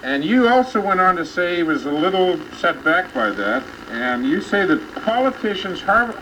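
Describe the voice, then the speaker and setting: Lively, bright-voiced male interviewer. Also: high voice, slight background noise, rough recording. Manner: probing, lively questions. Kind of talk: broadcast interview.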